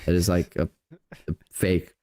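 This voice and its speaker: A man co-hosting a podcast, giving rambling, animated opinions in casual chat. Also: sits low, unhurried. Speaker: podcast co-host.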